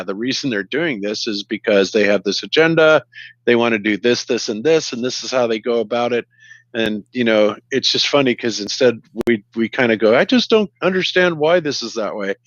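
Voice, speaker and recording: A man's voice: mid-range voice, brisk, fairly bright tone, no room sound, dull audio. A man co-hosting a podcast, rambling with hesitations and restarts. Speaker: podcast co-host. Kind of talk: casual chat.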